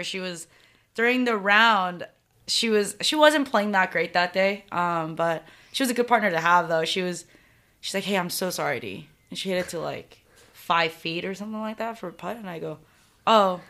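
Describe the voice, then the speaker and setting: A young adult woman, a professional golfer, telling lively stories as a podcast guest, loud and animated, laughing often and acting out quotes. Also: mid-range voice, a little fast. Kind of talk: casual interview storytelling.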